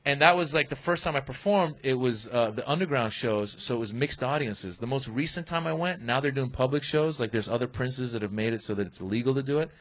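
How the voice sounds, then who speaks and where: A man telling an animated story as a guest comedian on a comedy podcast. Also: mid-range voice, brisk, hardly any pauses, rough recording. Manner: animated storyteller, acts out voices.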